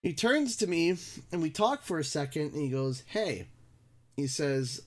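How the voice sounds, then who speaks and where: A young Canadian man live-streaming, telling a rambling, animated anecdote full of restarts. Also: fairly high pitch, unhurried. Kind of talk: casual live-stream storytelling. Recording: game music playing underneath. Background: game music.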